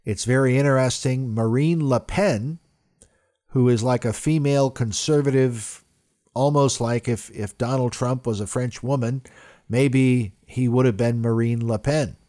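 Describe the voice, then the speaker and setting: A man's voice: medium pitch, measured pace. A man delivering a political commentary monologue in an emphatic way. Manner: emphatic, rising loudly when quoting.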